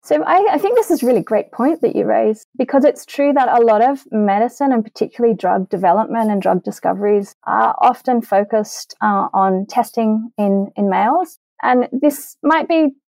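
A woman's voice: a little high, lively intonation, moderate pace, vocal fry, few pauses, darkish tone, dry recording, poor audio. A middle-aged woman, an immunologist answering interview questions earnestly, with fillers and restarts. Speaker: vaccine immunologist guest.

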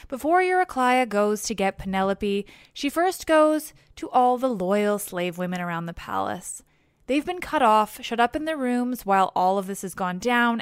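Podcast storyteller, woman, playful and wry, fairly high voice, dry recording. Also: dry recording. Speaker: podcast host and narrator. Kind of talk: casual storytelling retelling of a myth.

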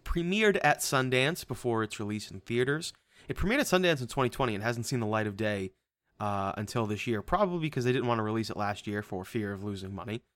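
A man's voice: mid-range voice, lively intonation, fast talker, a bit bright, no room sound. A man co-hosting a movie podcast in casual, joking chat. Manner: playful, jokey, hams up place names with put-on accents. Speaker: podcast co-host.

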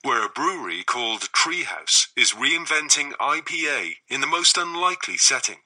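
A man with an English accent reading an audiobook in a slow, breathy, suggestive way. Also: medium pitch, big pitch swings, bright, forceful tone, rough recording. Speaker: audiobook narrator. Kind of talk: scripted audiobook narration.

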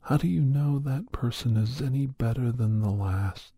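A man's voice: medium pitch, moderate pace, mellow, breathy edge. A man giving a rambling, preachy moral monologue, often sliding into a whisper. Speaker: monologue speaker.

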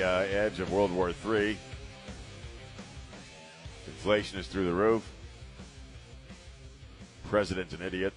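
A middle-aged man hosting a casual talk radio show from a studio, rambling and joking off the cuff. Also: sits low. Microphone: studio mic.

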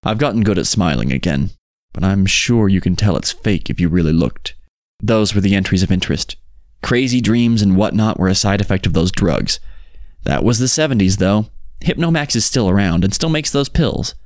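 A man giving a measured, somber scripted reading of a horror story in journal form. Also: on the low side, lively intonation, darkish tone, dry recording, studio quality. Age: 60s. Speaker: story narrator.

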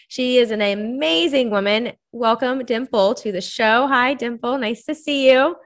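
Bubbly woman podcast host. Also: on the high side. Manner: bubbly, chatty, quick laughs. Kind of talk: casual interview chat.

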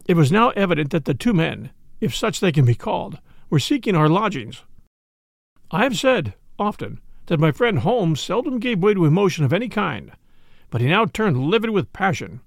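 A man narrating a memoir on a podcast in a measured, expressive storytelling manner. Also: a little high, gravelly, no room sound, clean studio sound. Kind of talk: audiobook reading of a memoir.

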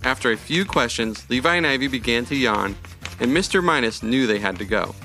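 A man reading a children's storybook aloud in a gentle, even manner. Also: medium pitch, fairly quick, soft background music.

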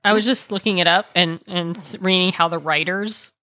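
Woman podcast co-host, relaxed and conversational, dry close recording. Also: lowish voice, normal speed, no room sound. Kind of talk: casual podcast chat.

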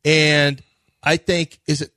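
Male sports talk radio host, chatty and animated, dry close studio mic. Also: a little high, slow, no room sound. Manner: animated storytelling, quotes others in conversation. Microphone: studio microphone.

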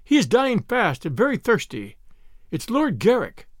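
A man's voice: high voice, wildly swooping pitch, a little slow, no room sound, studio quality, voice pushed up, heavily acted. A man narrating a novel, voicing a frantic man who urgently pleads for water for his dying master. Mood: urgent pleading.

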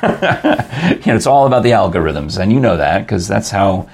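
A man's voice: on the low side, very animated, moderate pace, slightly rough. An older man hosting a casual chat show, chatty and jokey, rambling into asides. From New York. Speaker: podcast host.

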